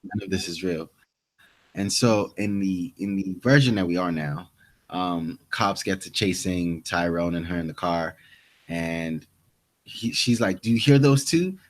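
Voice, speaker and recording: A young man with a fairly low voice recaps a TV episode in loose podcast chat. He restarts his sentences often and slips into the characters' lines as he goes. The tone stays casual and conversational. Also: measured pace. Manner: retelling scenes with quoted lines, restarts. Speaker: podcast co-host.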